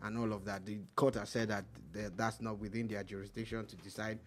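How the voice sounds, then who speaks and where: A man's voice: lowish voice, flat delivery, a little fast, slight background noise. A Nigerian man co-hosting a radio talk show, speaking earnestly and hesitantly, with frequent restarts and stammers. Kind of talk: casual news discussion.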